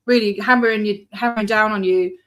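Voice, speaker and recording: A woman's voice: medium pitch, fairly even intonation, fairly quick. A woman hosting a casual interview, chatty and joking, swearing casually. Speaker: interview host.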